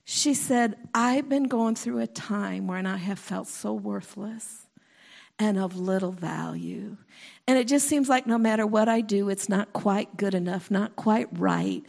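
A woman preacher giving a slow, earnest sermon and prayer to a congregation, often sinking into a whisper. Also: mid-range voice, creaky, a little mellow. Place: church hall before a congregation.

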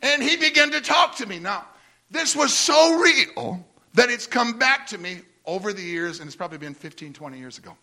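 A male preacher giving a sermon, telling stories in an animated way with frequent restarts and repeated words. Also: high-pitched, normal speed.

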